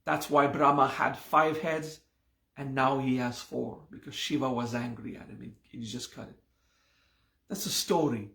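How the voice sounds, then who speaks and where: A man teaching a live meditation class, explaining a mantra and its hand gesture at an unhurried pace and often checking in with "okay?". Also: medium pitch, steady tone, creaky, fairly bright tone, reverberant.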